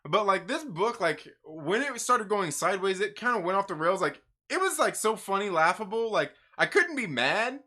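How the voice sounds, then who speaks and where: Rambling, profane man with a bright voice. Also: sits high, very animated, normal speed, hardly any pauses. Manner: rambling, profane, laughs a lot. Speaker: comic book reviewer and live-stream host. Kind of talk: casual live-stream chat.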